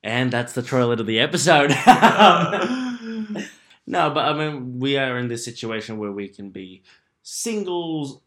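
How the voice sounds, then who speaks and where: Camp, teasing podcast host. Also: male voice, medium pitch, lively intonation, normal speed, fairly bright tone. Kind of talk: casual chat.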